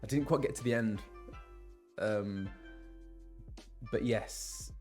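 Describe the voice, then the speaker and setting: A man's voice: fairly low pitch, slow, a little mellow, faint music behind. A man who voices game characters, chatting casually with his live-stream viewers and reading out where they are from. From England.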